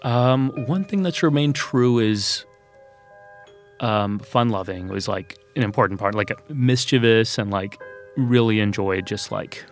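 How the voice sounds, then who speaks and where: A man's voice: fairly low pitch, a little slow, soft background music. A man from Texas, a guest telling personal stories in an earnest, thoughtful way, with many fillers. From Texas, USA. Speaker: interview guest. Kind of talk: reflective personal storytelling.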